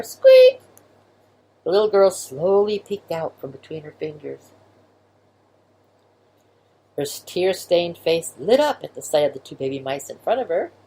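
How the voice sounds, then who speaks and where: A woman reading a children's storybook aloud in a gentle, expressive way, doing sound effects for the story. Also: on the low side, breathy edge.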